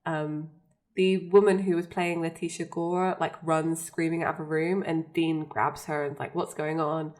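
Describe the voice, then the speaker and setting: A woman's voice: sits low, flat delivery, normal speed, a little mellow. A young woman co-hosting a podcast, chatting casually and recapping scenes with frequent laughs. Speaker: podcast co-host. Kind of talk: casual chat.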